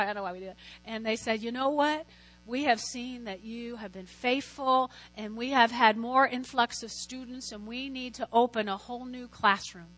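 A woman preaching a sermon in a lively way, calling out to her listeners and asking them to answer back. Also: fairly high pitch. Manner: lively, lots of call-and-response. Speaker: Christian teacher preaching.

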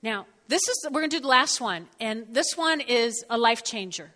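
A middle-aged woman from North Jersey with a New Jersey accent, giving an animated sermon and often checking in with her listeners. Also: a little high, moderate pace, in a large hall. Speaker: speaker. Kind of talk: sermon with personal storytelling.

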